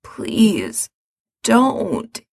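A woman voicing a feverish, frightened young man who pleads in a hoarse, shaky voice. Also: a little high, big pitch swings, slow pace, dry recording, clean studio sound, pitched above the performer's own voice, exaggerated voice. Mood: pleading.

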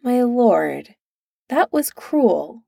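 A woman voicing a gentle young male servant who speaks softly and wearily, read from a storybook. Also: mid-range voice, a little slow, dry recording, clean studio sound. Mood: long-suffering. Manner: soft, weary.

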